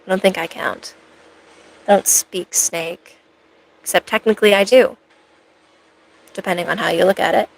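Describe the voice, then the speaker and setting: A woman's voice: medium pitch, steady tone, normal speed, vocal fry, pauses often, low-quality recording. A woman chatting casually with viewers on a cosplay live stream, rambling along with playful, self-mocking asides.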